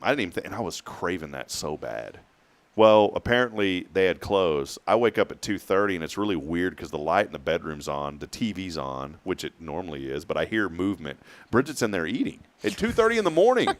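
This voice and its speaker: Deep-voiced Texan man rambling storytelling. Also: very animated, fairly quick. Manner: rambling storyteller, chuckles often. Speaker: morning show host. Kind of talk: casual chat.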